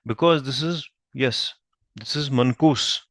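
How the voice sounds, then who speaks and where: Guy teaching grammar, patient, keeps asking "right?", bit gravelly, mid pitch. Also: a bit bright, dry recording, clean studio sound. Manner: patient, checks understanding with frequent "right?"; spells out Arabic terms slowly. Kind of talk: explaining lesson at a whiteboard.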